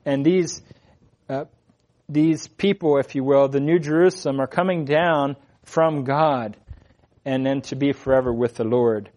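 A man preaching an expository sermon in an earnest, emphatic way, his voice swelling louder on key phrases. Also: mid-range voice, unhurried.

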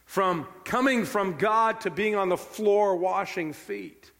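Animated preacher in an echoing hall. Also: male voice, sits high, slow pace. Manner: animated, emphatic storytelling. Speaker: pastor. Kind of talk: sermon. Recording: long hall reverb.

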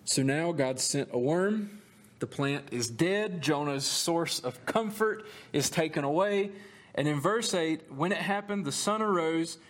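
A male pastor delivers a sermon in a conversational, storytelling way, adding lively, humorous asides. His voice sits a little high for a man, and his delivery swings between lively retelling and slower, more emphatic moments.

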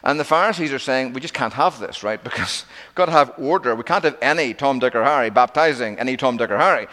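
A man preaching a sermon, telling the story with lively acted-out quotes and plain explanation. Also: medium pitch, quick pace, in a large hall.

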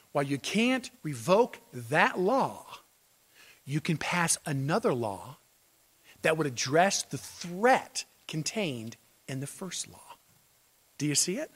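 A man's voice: a little high, animated, moderate pace, fairly bright tone. A man pastor preaching an expository sermon, emphatic and full of rhetorical questions. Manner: emphatic, rhetorical questions, repeats key phrases.

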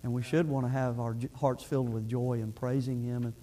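A man's voice: mid-range voice, fairly even intonation, brisk, few pauses, dark tone. A middle-aged male pastor preaching a sermon in an earnest, conversational way, often restarting his phrases.

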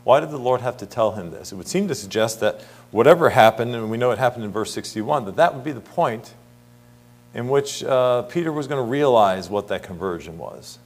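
A man's voice: mid-range voice, expressive, brisk, darkish tone. Earnest man preaching a Bible sermon. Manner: earnest, rhetorical questions, reads scripture aloud.

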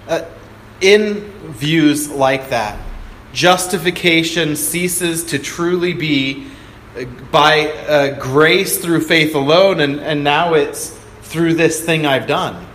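A man preaching in an earnest, teaching manner, often pausing on fillers and restarting his phrases. His voice sits a little high for a man and carries a roomy echo, with a faint hum of ambience behind it. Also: a bit bright. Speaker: pastor. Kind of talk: sermon. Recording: echoey hall with faint ambience.

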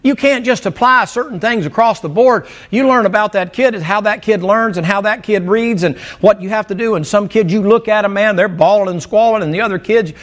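A man's voice: high-pitched, a little fast, hardly any pauses. A man preaching a sermon, folksy and joking, calling out to the congregation for responses. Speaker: pastor.

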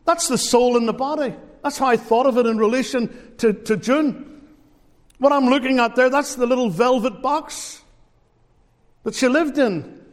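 A man's voice: very high voice, moderate pace, big-room sound. A man preaching a sermon, telling stories with emphasis. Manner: storytelling, emphatic.

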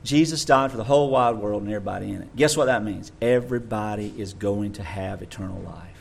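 A man preaching a sermon in an animated way, sometimes mocking others in a high voice. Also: quick pace, vocal fry, a little hiss or hum.

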